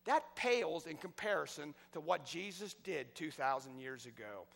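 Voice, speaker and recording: A male preacher giving a sermon, telling a story with passion, swinging from loud outbursts to hushed words. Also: on the high side, lively intonation, moderate pace, creaky. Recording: long hall reverb.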